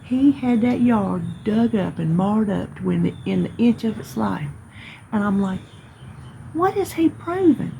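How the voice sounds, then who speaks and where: A woman telling a story about her neighbors outdoors in a folksy, emphatic, animated way. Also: medium pitch, normal speed, vocal fry, slight background noise, low-quality recording. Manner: folksy, emphatic, animated retelling with hollered quotes. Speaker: vlogger. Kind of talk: casual storytelling.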